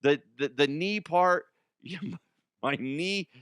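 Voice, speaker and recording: A middle-aged man hosts a comedy sports show from a studio, chatting loosely and poking fun at himself with plenty of laughs and cursing. His voice is smooth and resonant, and the sound is close and dry with no room echo. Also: on the high side, slow, a bit bright. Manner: self-deprecating, laughs often, swears freely. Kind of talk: casual comedic monologue.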